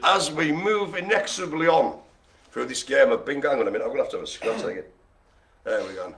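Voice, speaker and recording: A man's voice: medium pitch, fast, creaky, fairly bright tone, slight background noise. A man hosting a live bingo game, joking and rambling in playful banter. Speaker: host.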